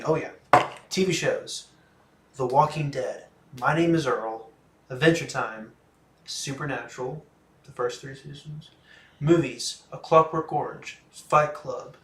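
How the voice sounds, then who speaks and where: A man's voice: mid-range voice, fairly bright tone, echoey room. A man in his twenties hosting a casual livestream, answering viewer questions in a laid-back, chatty way that often trails off. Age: 20s. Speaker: livestream host. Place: room in a home.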